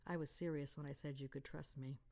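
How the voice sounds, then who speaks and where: A woman voicing a steady, teasing frontier cowboy with a soft drawl. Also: deep voice, fairly quick.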